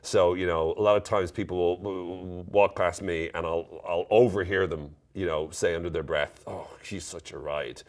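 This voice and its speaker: A man's voice: deep voice, fairly even intonation, moderate pace, few pauses. An Irish man casually explaining his country's slang to camera, joking and laughing at himself as he goes. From Ireland. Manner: playful, jokey, laughs at himself.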